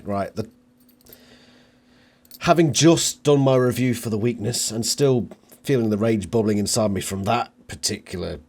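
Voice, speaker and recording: A man hosts a reaction video, offering casual, frank commentary. He talks chattily, often restarting his sentences as he gathers his thoughts. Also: medium pitch.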